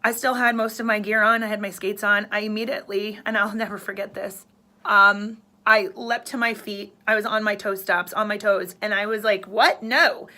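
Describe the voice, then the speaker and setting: A woman's voice: mid-range voice, flat delivery, moderate pace, pushed and bright. A woman in her thirties, a radio host, telling a personal story in an earnest, emotional way.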